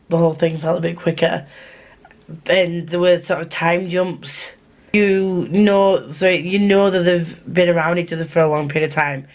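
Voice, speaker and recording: A young woman chatting casually to camera from her bedroom about books she read, rambling and self-deprecating. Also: sits low. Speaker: book vlogger.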